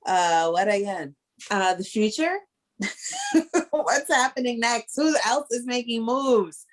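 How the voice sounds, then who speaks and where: A woman's voice: on the high side, lively intonation, takes it slowly. A tipsy Caribbean American woman with a lawyer's background, co-hosting a casual podcast chat and rambling with frequent laughter. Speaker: podcast co-host; entertainment lawyer.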